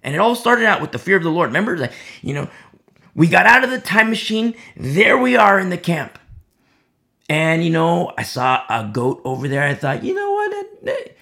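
A man delivers an informal Bible teaching with a gravelly edge to his slightly high voice. His pitch swings widely as he drops into the voices of the people in his story. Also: moderate pace. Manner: acts out voices of imagined onlookers in a lively storytelling way. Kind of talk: informal sermon.

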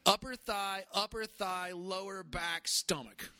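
High-voiced man riffing jokes. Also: pushed and bright, no echo. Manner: quick riffing banter, jokey asides. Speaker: podcast co-host. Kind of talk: casual comedic chat.

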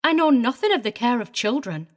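A woman plays a middle-aged governess in an audiobook drama, prim and tearful, with a natural voice pitched slightly high. Talking a little fast, she sounds agitated and wavering yet keeps her proper manner through the distress.

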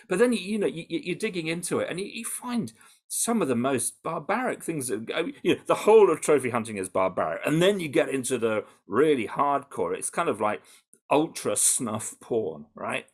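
A British man answering interview questions in an animated, conversational way, with frequent restarts and fillers. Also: medium pitch, moderate pace, breathy edge. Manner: animated, full of restarts and "you know". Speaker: campaigner interviewed about undercover research.

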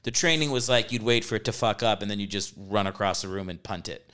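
A man's voice: fairly low pitch, fast, sharp tone, clean tone. A man in his thirties hosting a casual comedy podcast, talking animatedly, swearing freely and laughing often. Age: 30s. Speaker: podcast host.

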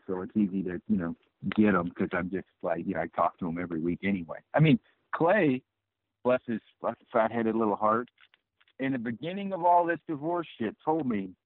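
A man's voice: fairly low pitch, animated, a little fast, dry recording. A man talking as a podcast guest over the phone, loose and rambling, swearing freely and filling with "you know" and "um". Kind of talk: casual phone chat. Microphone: phone call. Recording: tinny dry phone line.

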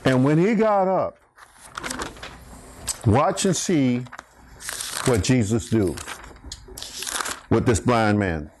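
A man preaching a sermon, emphatic and bantering with his congregation, rising to shouts on key words. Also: mid-range voice, lively intonation, slow pace, long pauses, background noise.

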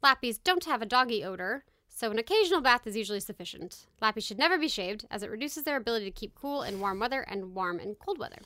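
A woman's voice: a little high, expressive, quick pace, few pauses, sharp tone, no echo. A woman co-hosting a casual podcast, reading notes aloud with chatty asides and laughs. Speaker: podcast co-host. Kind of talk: casual chat.

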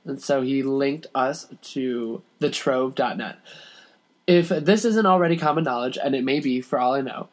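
A young adult reads listener letters aloud on a podcast recorded in the family home. The reading is lively, broken by laughing asides to the others. The pitch sits in an ordinary middle range.

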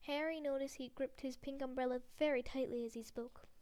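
A woman reads a novel aloud as narrator, plainly and steadily. Her voice is high and smooth, clear on every word. She stumbles now and then and corrects herself mid-sentence. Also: steady tone, fairly quick, darkish tone. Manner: plain reading with frequent slips and self-corrections. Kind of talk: audiobook reading of a novel.

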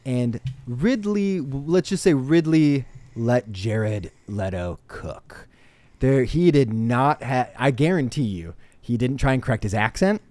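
A young man co-hosting a podcast rambles enthusiastically through a casual film review, restarting his sentences often. His mid-range voice is expressive, unhurried and a little dark, recorded dry.

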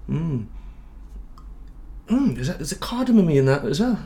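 A man co-hosting a podcast in casual chat, halting and searching for words as he talks. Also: fairly high pitch, sing-song, warm tone. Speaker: podcast co-host.

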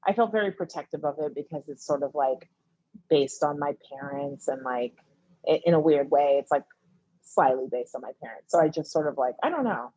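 A woman in her thirties, a TV writer and director, talking casually as a guest and acting out her friends in sudden high-pitched bursts. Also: fairly quick, husky, no room sound, dull audio. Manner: animated, acts out friends' voices in high bursts, laughs often. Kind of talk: casual conversation.

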